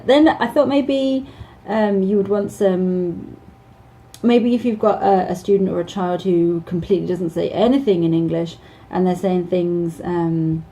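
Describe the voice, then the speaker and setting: Mellow-voiced woman teacher, hesitant. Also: fairly low pitch, gravelly, low-quality recording. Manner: hesitant, many ums and restarts, laughs often. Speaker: English teacher. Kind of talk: casual advice video.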